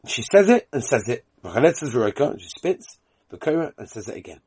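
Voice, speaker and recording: Husky man chanting a Talmud lesson. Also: mid-range voice, very animated, darkish tone, no echo. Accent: Yiddish-inflected Yeshivish English. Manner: sing-song chant alternating with quick explanation. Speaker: Talmud teacher.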